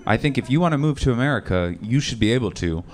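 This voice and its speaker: A male stand-up comedian from the Seattle area, doing a conversational live set with deadpan punchlines and loud impressions of angry people. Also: mid-range voice, quick pace. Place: comedy club stage. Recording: live club recording with crowd laughter. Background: audience laughter.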